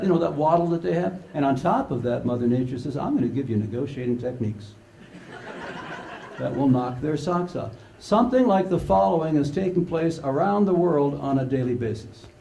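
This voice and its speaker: Older man, playful storyteller, slightly high, gravelly. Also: mellow, slight background noise. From Canada. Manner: storytelling, playful, acts out quotes. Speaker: conference speaker. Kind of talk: humorous conference presentation.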